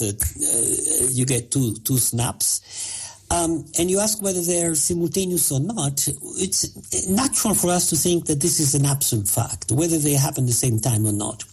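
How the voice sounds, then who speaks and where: Husky-voiced man explaining with many pauses. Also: fairly high pitch, mellow. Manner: halting, many fillers, explanatory. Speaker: physicist guest. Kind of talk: interview answers.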